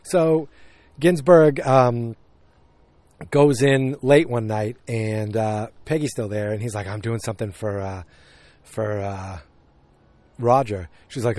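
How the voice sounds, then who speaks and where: A man's voice: on the low side, fairly even intonation, normal speed, darkish tone, dry recording. A man hosting a podcast, casually recapping a TV episode and rambling with many fillers and restarts. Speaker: podcast host.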